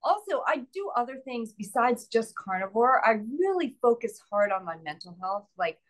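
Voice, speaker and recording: Earnest, higher-pitched woman guest. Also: sing-song, rough recording. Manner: earnest, halting, grateful. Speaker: interview guest. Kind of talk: casual interview chat.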